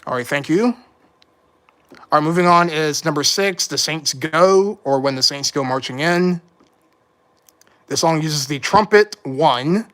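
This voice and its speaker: This livestream host has a fairly high-pitched, fairly bright voice and an unhurried pace, pausing often. He rambles through casual live commentary, catching his own slips with mild frustration.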